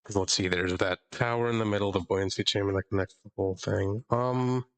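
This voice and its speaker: A young man running a tabletop game as dungeon master, chatty and halting, with frequent fillers and laughs. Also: lowish voice, fairly even intonation.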